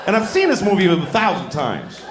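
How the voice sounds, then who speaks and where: A middle-aged man doing a stand-up comedy set in a large venue, talking in an animated way and acting out voices. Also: a little fast. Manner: animated, acts out voices with big jumps in pitch. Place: large venue with a live audience. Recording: roomy live hall with crowd noise. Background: audience laughter.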